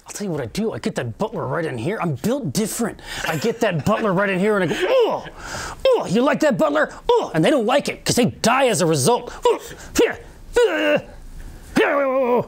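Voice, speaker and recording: A man's voice: high-pitched, sing-song, fairly quick, gravelly, breathy edge, voice pushed up, heavily acted. A man playing a boastful male wrestler who brags about crushing butlers, delivering a grandiose promo. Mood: blustering. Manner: grandiose wrestling promo, regal then loud.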